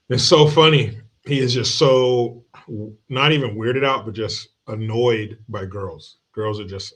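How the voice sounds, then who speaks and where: A male streamer talking loosely to his live audience, mid-pitched and conversational. He spins a home anecdote in a rambling, joking way, swearing freely and breaking into laughs as he goes. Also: measured pace, a bit bright. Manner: profane, joking storyteller; laughs often while telling stories. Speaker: streamer and show host. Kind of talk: casual livestream chat.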